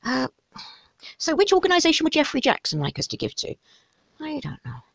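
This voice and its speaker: A woman's voice: sits high, huge pitch swings, fairly quick, gravelly, no echo. A woman giving casual, sarcastic commentary on an article she reads along with, with wry asides. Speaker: host commenting on a study article.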